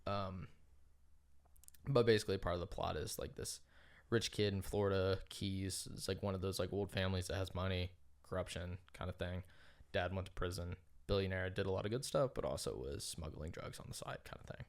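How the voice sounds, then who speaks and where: A man's voice: sits low, a little fast. A man co-hosting a podcast in casual chat, telling a long story full of "like" fillers and casual swearing. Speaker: podcast co-host.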